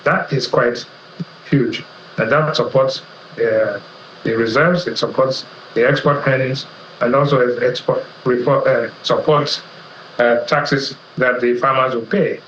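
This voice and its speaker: A middle-aged Nigerian man, an economist guest, explaining commodity prices in a measured way, listing figures one by one. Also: medium pitch, steady tone, fairly bright tone, slight background noise. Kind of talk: economic analysis interview. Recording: roomy, slightly dull TV audio.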